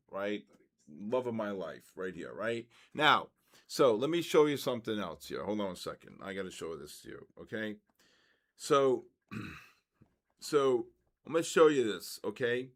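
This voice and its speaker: A man in his sixties hosting a live trading session, telling stories in a casual, animated way and tagging his sentences with quick checks to the audience. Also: mid-range voice. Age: 60s. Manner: animated, keeps tagging 'right?' and 'okay?'. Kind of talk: casual livestream storytelling.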